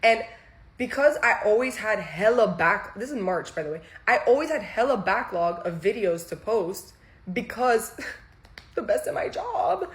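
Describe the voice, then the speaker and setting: Animated young woman telling a story. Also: a little high. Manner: animated, profane, restarts sentences. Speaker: former social media content creator. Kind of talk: casual storytime monologue.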